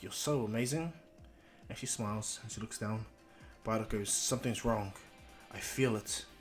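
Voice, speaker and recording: A man tells an improvised fan story in a loose, rambling way, stumbling over restarts and slipping into his characters' lines. His pitch sits in the middle. Faint music plays underneath. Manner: rambling, with many restarts, and quotes each character in the flow.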